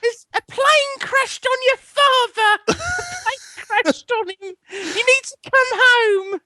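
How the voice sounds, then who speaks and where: A man putting on a high, overly dramatic voice as a fake panicking mother on the phone. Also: slow pace, pushed and bright, slight background noise, full character voice. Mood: fake panic. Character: fake panicking mother, middle-aged woman.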